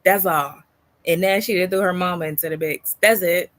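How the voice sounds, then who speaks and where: A woman's voice: fairly low pitch, moderate pace. Blunt, mocking woman reaction host. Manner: blunt, mocking, profane, calls listener "baby" and "girl". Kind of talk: casual reaction commentary.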